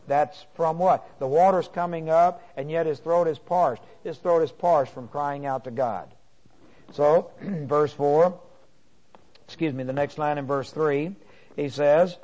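A man teaching from a psalm. He reads each verse slowly and then explains it in plain talk, with many pauses and fillers. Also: fairly high pitch, steady tone, a little mellow, low-quality recording. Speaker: Bible teacher. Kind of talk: sermon.

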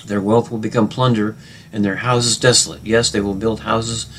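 A lower-pitched man giving a Bible lesson, stumbling through fillers and restarts as he explains. When he reads scripture he lifts his voice with more weight. A faint hum sits behind him. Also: little pitch movement, normal speed. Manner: hesitant, many fillers and restarts, louder when quoting scripture. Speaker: Bible teacher.

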